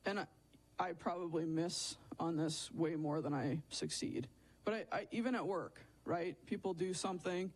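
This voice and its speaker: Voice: mid-range voice, a little mellow, low-quality recording. Candid, chatty church speaker. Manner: conversational, frequent "right?" and "like" tags; self-deprecating, candid. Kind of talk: sermon. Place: church service.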